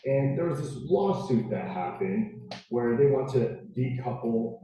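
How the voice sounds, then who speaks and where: A man's voice: mid-range voice, animated, measured pace, dark tone, dull audio. A man playing a real estate agent in a sales role-play, reassuring and upbeat as he walks a buyer through paperwork. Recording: roomy distant clip, faint noise.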